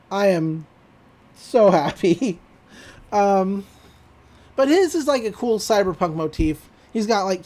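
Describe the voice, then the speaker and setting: A woman's voice: fairly low pitch, dark tone. A woman co-hosting a podcast, recapping an episode in casual chat, laughing often and swearing freely. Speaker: podcast co-host.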